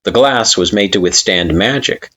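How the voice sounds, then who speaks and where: A man reading a fan-fiction story aloud with slow, expressive narration. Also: fairly low pitch. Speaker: story reader.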